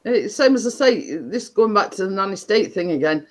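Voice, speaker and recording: A woman's voice: mid-range voice, lively intonation, normal speed. Woman, middle-aged, casual host, rambling, filler-heavy. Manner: rambling, repeats herself with many fillers. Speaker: livestream host. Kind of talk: casual chat to a live audience.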